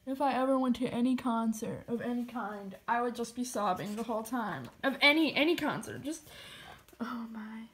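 A woman's voice: a little high, a little slow, long pauses, fairly bright tone, slight background noise. A young woman gushing through an unboxing vlog, often dropping to a whisper. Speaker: vlogger.

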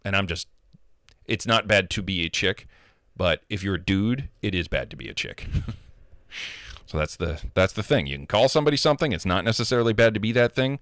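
A man's voice: fairly low pitch, animated, fairly quick, fairly bright tone, no echo, clean studio sound. A man, a gamer, ranting casually and heatedly about online trolls, profane and emphatic. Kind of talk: casual rant.

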